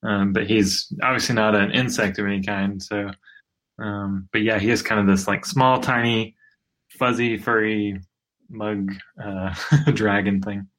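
A man's voice: on the low side, fairly even intonation, measured pace, fairly bright tone. A man co-hosting a podcast, chatting casually in a laid-back, hesitant way with short agreeing replies. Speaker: podcast co-host. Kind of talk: casual chat about a video game.

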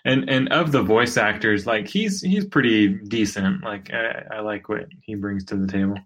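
A man's voice: on the low side, moderate pace, a bit bright. A man co-hosting a podcast, chatting casually in a laid-back, hesitant way with short agreeing replies. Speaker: podcast co-host. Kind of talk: casual chat about a video game.

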